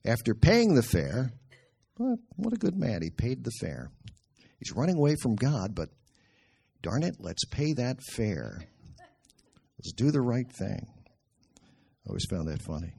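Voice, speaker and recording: A man preaching a sermon, reading a Bible story aloud with animated storytelling and chuckling asides. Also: medium pitch, measured pace, vocal fry, long pauses, breathy edge.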